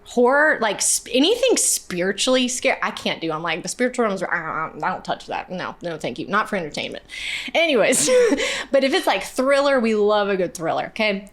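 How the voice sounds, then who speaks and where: Young actress, guest on a talk show; lively, self-deprecating storyteller who drops her voice low for the big moments. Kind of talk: animated storytelling in casual chat.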